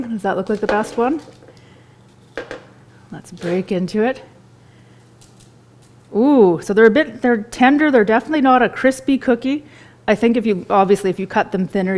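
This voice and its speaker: A woman's voice: medium pitch, a little mellow. A woman, a chef giving a live cooking demonstration in a store kitchen, chatty and enthusiastic as she tastes food while she talks.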